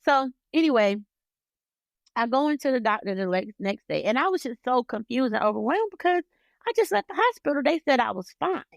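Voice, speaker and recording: A woman in her thirties co-hosting a podcast, telling a personal story in an emphatic, animated way. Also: sits high, a little fast, gravelly, no echo. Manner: animated, emphatic, acts out dialogue. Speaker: podcast co-host. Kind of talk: personal storytelling in casual chat.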